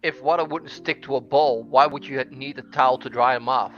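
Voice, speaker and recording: A man's voice: mid-range voice, fairly even intonation, brisk, highs cut off. A man in a casual stream chat, blunt and swearing casually.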